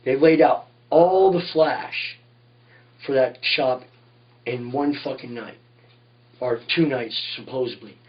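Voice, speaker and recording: A man's voice: medium pitch, slow, pauses often, far from the mic, lo-fi sound. A man, a tattoo artist, telling shop stories in a rambling, profane way in a casual interview, often saying "you know what I mean".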